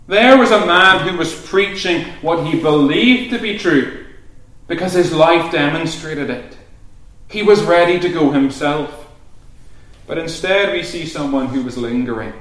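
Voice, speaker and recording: Male preacher, earnest, rising to urgent shouts; somewhat high voice, heavy room echo. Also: slow. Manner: earnest, builds to loud urgent calls. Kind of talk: sermon. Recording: very echoey room.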